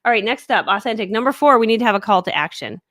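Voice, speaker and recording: A woman teaching during a live stream, talking energetically with big upbeat leaps in pitch and thinking aloud while she fumbles with her screens. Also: animated, fast, fairly bright tone, no room sound, clean studio sound. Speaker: online business coach.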